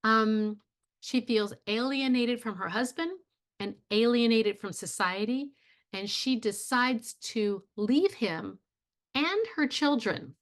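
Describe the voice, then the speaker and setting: A woman's voice: a little high, animated, slow. A woman instructor giving a casual video lecture, retelling a play in a plainspoken way with frequent fillers. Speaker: theatre instructor.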